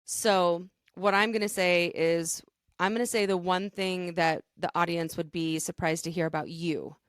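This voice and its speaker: A woman's voice: on the low side, fairly even intonation, normal speed, clean tone, no room sound, clean studio sound. Earnest rambling woman podcast co-host. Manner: earnest, rambling with many fillers. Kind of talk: casual chat.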